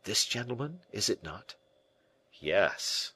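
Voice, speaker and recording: Man doing a hushed nervous writer guy, whispery and soft, low voice. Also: sing-song, slow, slightly rough, no room sound, heavily acted. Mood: protesting. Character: timid, hushed young playwright, man.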